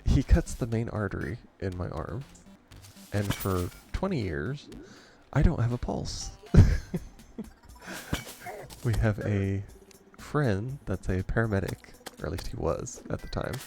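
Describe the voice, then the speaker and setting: A man's voice: fairly low pitch, very animated, measured pace, gravelly, music in the background. A man hosting a gaming channel, rambling through a story in a casual way and chuckling often between remarks. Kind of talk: casual storytelling over gameplay.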